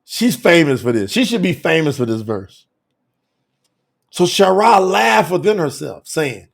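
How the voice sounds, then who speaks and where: An exuberant man teaching scripture in an animated preaching style. His voice sits high and swoops widely as he laughs and calls out to his viewers by name. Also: unhurried, creaky. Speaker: scripture teacher hosting a telethon session.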